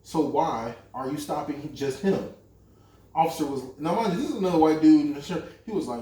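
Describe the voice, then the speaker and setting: A young man with a slightly high, brisk voice co-hosts a podcast, telling friends a long personal story in casual, profane language. He's animated and acts out other people's lines with plenty of quoted dialogue. The mic sits at a distance in an echoey room.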